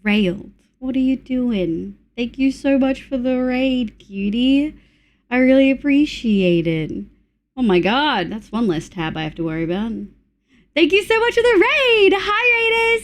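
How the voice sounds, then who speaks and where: An Australian woman streaming live, greeting her viewers in an affectionate, casual chatty way. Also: fairly high pitch.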